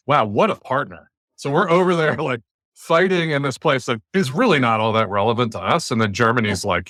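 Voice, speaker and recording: A man's voice: medium pitch, expressive, moderate pace, a bit bright, no room sound, clean studio sound. An American man hosting a podcast, speaking bluntly and emphatically in long runs of argument over a remote call. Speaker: podcast host. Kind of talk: opinionated casual podcast talk.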